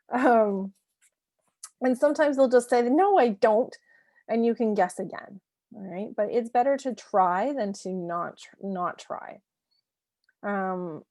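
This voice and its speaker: A woman's voice: medium pitch, gravelly, dry recording. Woman coaching parents, chatty and dry. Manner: warm conversational teaching, checks in with "right?"; laughs lightly between points. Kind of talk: recorded parenting lesson.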